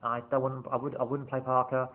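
A man's voice: mid-range voice, flat delivery, fairly quick. A man rambling through a casual preview of his team's upcoming matches, restarting sentences and swearing now and then. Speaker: football fan vlogger. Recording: tinny phone-like sound.

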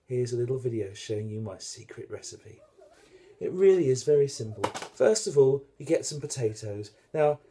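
Chatty British man with a dark voice. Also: medium pitch, slight background noise. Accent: British English. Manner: chatty, joking, self-deprecating. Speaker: home cook and channel host. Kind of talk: casual cooking demonstration. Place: home kitchen in the morning.

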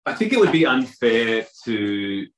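A man's voice: medium pitch, big pitch swings, a little slow, rough recording. A man, a hotel industry guest, chatting casually in an interview and telling anecdotes with many fillers and restarts.

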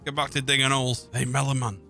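A man's voice: mid-range voice, flat delivery, quick pace, gravelly, pushed and bright, faint music behind. A young man joking cockily with a friend while playing a construction game. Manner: cocky, joking. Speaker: gamer. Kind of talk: casual gaming banter.

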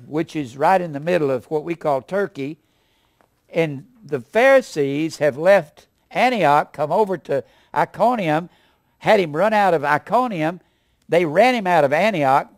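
A man delivers a sermon in a folksy, animated way. His voice sits fairly high, and he swings from loud emphasis to low asides. The sound is close and dry, with no room echo. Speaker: preacher.

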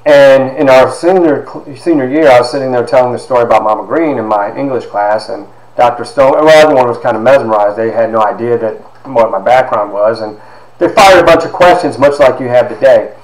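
A man, a university instructor, telling stories from his life to his class, lively and sometimes dropping into hushed asides. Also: mid-range voice, a little fast, roomy sound, low-quality recording. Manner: animated storyteller, drops to hushed asides. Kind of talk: storytelling lecture to a class.

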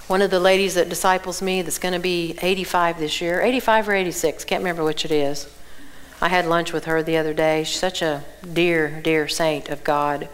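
A woman's voice: lowish voice, brisk. A woman with a Southern US accent, teaching the Bible to a women's conference and asking the audience questions. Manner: animated, asks the audience questions. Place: church auditorium.

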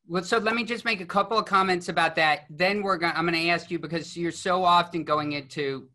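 A man moderating a panel discussion as host, halting and restarting as he frames his questions. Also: sits high, fairly even intonation, bright, forceful tone.

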